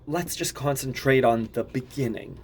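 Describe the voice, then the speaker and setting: A man teaching accordion, calmly explaining and singing melody syllables. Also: medium pitch, normal speed, slight background noise. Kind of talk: instructional video lesson. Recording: accordion playing behind voice. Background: accordion music.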